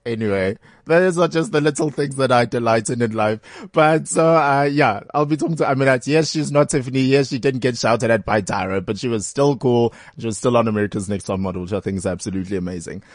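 A man's voice: medium pitch, fast talker, few pauses, no room sound, clean studio sound. A man hosting a radio talk show, chatting casually in a playful, teasing way.

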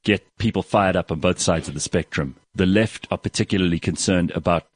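A man hosting a talk show, introducing guests in a brisk way. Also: sits low, husky, no echo. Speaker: show host.

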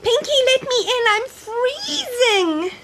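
A woman's voice: big pitch swings, slow pace, fairly bright tone, heavily acted. A woman doing a squealing little girl. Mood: frantic. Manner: squealing, high and childlike. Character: excitable little girl, impulsive.

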